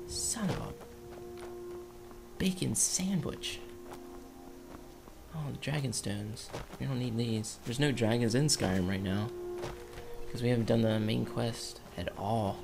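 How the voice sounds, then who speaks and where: With a gravelly, medium-pitched voice, a young man narrates a video game in rambling, humorous let's play style, addressing the characters directly. He's a gaming YouTuber, and game music can be heard behind him.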